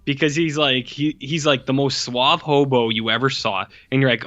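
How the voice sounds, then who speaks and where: A man on a casual podcast gives a blunt, profane review and mimics the characters to mock them. His voice is bright and forward. The recording is dull and dry, with no room sound. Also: mid-range voice, fairly even intonation, normal speed, no echo. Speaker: podcast co-host. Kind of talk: casual film review chat.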